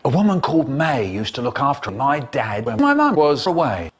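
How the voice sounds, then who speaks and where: A man telling comic stories in a theatrical, drawn-out way, cut up and spliced into a remix. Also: medium pitch, big pitch swings, background noise. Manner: theatrical, drawn-out, exaggerated pauses and voices. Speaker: storyteller.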